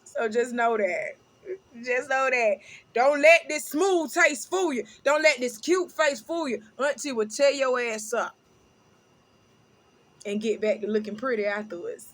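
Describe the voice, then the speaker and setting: A middle-aged woman hosting a casual commentary vlog, talking loudly and animatedly, laughing often. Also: sits high, moderate pace. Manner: loud, laughing, animated storytelling with sung snippets. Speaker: host.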